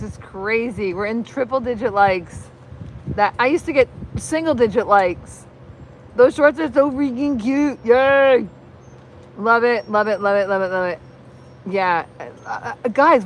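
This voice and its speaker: A woman hosting a casual live stream, chatting in a rambling, excitable way. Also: on the high side, slight background noise, low-quality recording. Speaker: livestream host.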